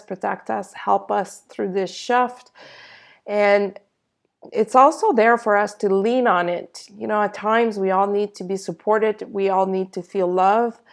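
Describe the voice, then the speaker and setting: Slow-speaking woman giving a spiritual talk. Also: medium pitch. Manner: slow, reassuring, searching for words. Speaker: spiritual channeler. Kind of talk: spiritual energy update monologue.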